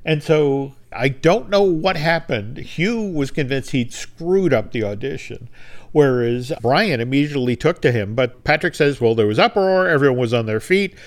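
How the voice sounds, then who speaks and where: This is a man at a typical middle pitch, co-hosting a podcast. He talks in a relaxed, conversational way as he recounts a long anecdote, slipping into brief acted-out lines whenever he quotes someone. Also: moderate pace. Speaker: podcast co-host. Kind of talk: casual storytelling chat.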